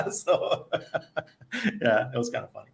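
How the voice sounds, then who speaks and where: A man's voice: fairly high pitch, sing-song, takes it slowly, creaky. A man chatting casually on a livestream, laughing often as he tells stories about himself. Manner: laughs often, self-deprecating storytelling. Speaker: crypto livestreamer.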